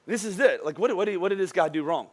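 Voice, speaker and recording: A man preaching a sermon as a pastor, his voice worn from speaking all day. He tells jokey stories and drops soft and slow for the serious points. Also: high voice, lively intonation. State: voice wearing out from a long day of preaching.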